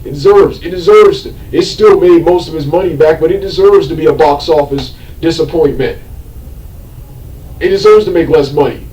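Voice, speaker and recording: A fairly high-pitched man with a mellow tone rants through a movie review, repeating himself, trailing off and filling gaps with ums. He bursts into fed-up outbursts now and then. His voice sounds set back from the mic in a roomy, echoing space. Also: moderate pace, distant mic. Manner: rambling and repetitive, loses his train of thought, many filler ums; exasperated outbursts. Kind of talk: unscripted movie review rant.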